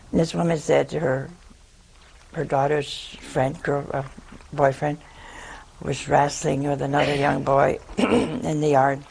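A woman's voice: deep voice, vocal fry, darkish tone, a little hiss or hum. An older woman, a nun, telling a humorous folksy story to an audience. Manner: humorous, folksy anecdote with laughs. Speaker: nun giving a talk.

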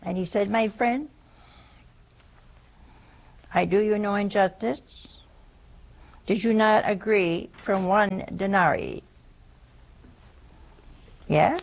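A woman's voice: medium pitch, slow pace, creaky, long pauses, poor audio. A woman preaching a sermon, telling a story in a folksy way with asides to her viewers.

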